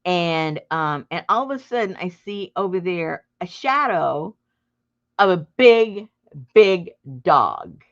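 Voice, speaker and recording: A middle-aged woman telling a story to her viewers in a casual, animated way, breaking into laughter and loud acted outbursts. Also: on the low side, slow pace. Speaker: junk journal crafter and channel host. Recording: dull lo-fi home recording.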